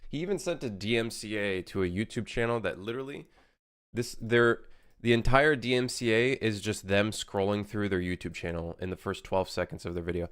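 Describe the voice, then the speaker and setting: A man's voice: fairly low pitch, brisk, fairly bright tone, clear, resonant tone, no room sound, clean studio sound. A young man chatting casually on a game development live stream, rambling and correcting himself as he reads chat.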